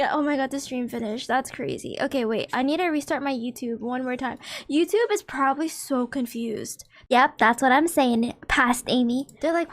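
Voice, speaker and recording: High-pitched giggly young woman streamer. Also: moderate pace. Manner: excitable, giggly, talks straight to chat. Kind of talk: casual livestream chat.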